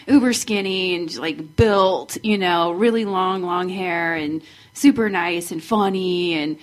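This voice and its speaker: An adult woman guest giving advice to teens in a relaxed, reassuring chat. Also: lowish voice, measured pace, rough recording. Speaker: guest expert.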